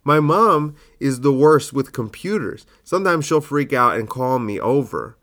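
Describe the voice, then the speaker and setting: Comedian hosting alone, unhurried delivery, self-deprecating asides. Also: male voice, medium pitch, expressive, fairly bright tone. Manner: self-deprecating, musing aloud. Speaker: comedian and podcast host. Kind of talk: solo comedy podcast.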